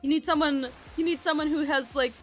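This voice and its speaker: Enthusiastic female co-host, higher pitch, nerdy streak, faint music under. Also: steady tone, fairly quick. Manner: eager, nerdy, laughs often. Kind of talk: casual stream chat.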